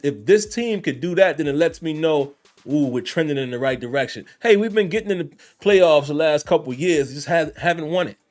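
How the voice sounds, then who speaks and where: A man's voice: a little high, darkish tone. Conversational man hosting a fan podcast. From Richmond. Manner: conversational, addresses listeners directly. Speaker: podcast host. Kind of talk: casual sports commentary.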